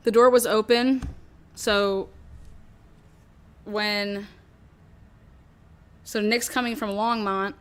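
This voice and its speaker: A woman's voice: medium pitch, fairly even intonation, drawn-out words, pauses often. A woman hosting a true crime show, talking through her theory in a rambling, casual way, swearing often and acting out what others might have said.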